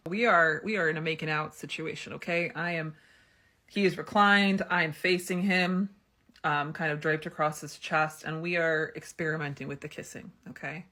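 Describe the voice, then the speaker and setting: A woman in her thirties with a deep, sharp-toned voice speaks at a moderate pace with fairly even intonation. As a vlogger, she tells a frank personal story conversationally, peppered with fillers such as "um" and "like."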